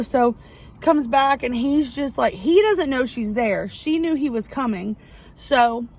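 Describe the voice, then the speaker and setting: A woman's voice: fairly high pitch, darkish tone, rough recording. Gushing woman reviewing a book. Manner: gushing, rambling, lots of fillers. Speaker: book vlogger. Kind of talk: casual book review chat. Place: outdoors near a parking lot.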